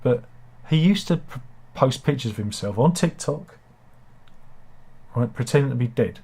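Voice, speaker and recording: A man's voice: medium pitch, lively intonation, normal speed, dark tone, slightly rough. A man with a British accent hosting a casual satirical news chat, rambling and self-deprecating with asides. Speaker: host.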